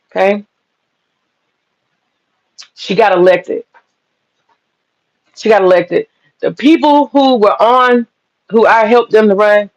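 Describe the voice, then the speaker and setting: A man's voice: high voice, gravelly, highs cut off. A man telling a story in a casual monologue, emphatic and profane, repeating lines for punch. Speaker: storyteller recounting political campaign work.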